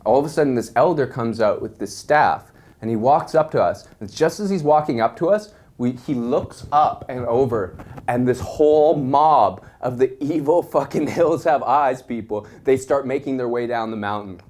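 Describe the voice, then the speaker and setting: A young man telling a wild story in a casual, animated way, swearing constantly. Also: mid-range voice, normal speed.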